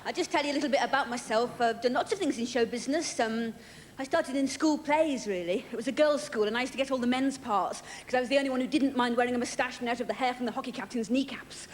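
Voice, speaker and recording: A woman comedian with a highish voice performs stand-up quickly on a large theatre stage, her delivery dry and self-deprecating. It comes from a noisy 1980s television broadcast with an audience.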